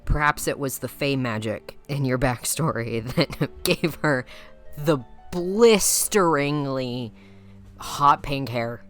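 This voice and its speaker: A woman with a low voice runs a teasing, mock-dramatic commentary, laughing often as she passes judgment. She speaks into a home mic with faint music underneath. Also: a bit bright. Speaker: YouTuber judging viewers' game characters. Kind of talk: playful commentary.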